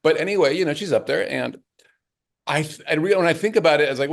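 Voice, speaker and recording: A middle-aged man, an author and caregiver, talking things through in a halting, reflective way during an interview. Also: on the high side, creaky. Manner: reflective, halting, many restarts. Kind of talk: conversational interview.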